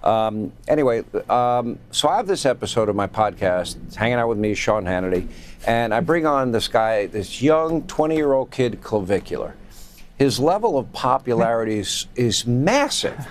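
A man hosts a cable news talk segment in a middle-pitched, even voice. He sets up clips and banters with his guest, dropping chatty asides and chuckling as he goes. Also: normal speed, a little hiss or hum. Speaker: news talk show host.

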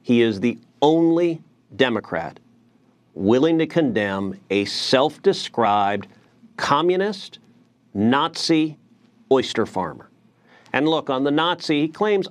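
A middle-aged man, a senator as a TV news guest, speaking forcefully and indignantly, often repeating words as he starts a point. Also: mid-range voice, expressive, slow pace. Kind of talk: political TV interview.

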